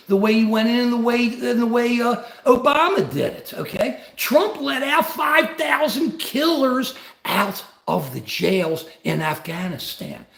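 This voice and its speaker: A man's voice: high voice, gravelly, fairly bright tone, reverberant. An older man and grandfather, host of a livestream, giving rambling, combative political commentary.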